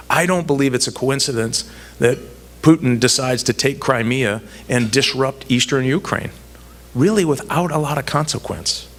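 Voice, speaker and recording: A man's voice: medium pitch, fairly bright tone. A man giving a public speech about foreign policy, telling stories with humorous asides and building his point through repeated emphatic phrases. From United States. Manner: storytelling with asides and self-deprecating humor.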